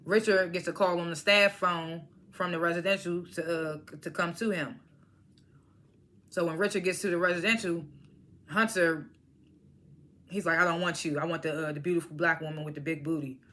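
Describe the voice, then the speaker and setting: This TV episode reviewer walks through a drama at a moderate pace in a casual recap vlog. Her slightly low voice is bright and forward, and her animated retelling includes acting out characters' lines and frequent laughs.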